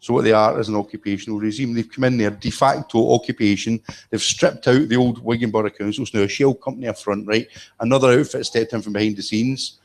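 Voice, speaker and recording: A man's voice: medium pitch, steady tone, quick pace, a little mellow, slight background noise. A man speaking at a live event, blunt and emphatic, with a mid-range voice. He drives points home with profane asides and repeated words. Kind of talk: live lecture-style talk. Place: event room with an audience.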